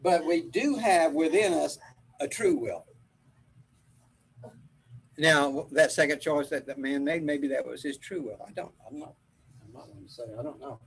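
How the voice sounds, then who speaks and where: Rambling older man with a husky voice. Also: on the high side, normal speed, long pauses, poor audio. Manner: rambling storyteller with frequent laughs. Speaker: spiritual teacher. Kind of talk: casual group chat.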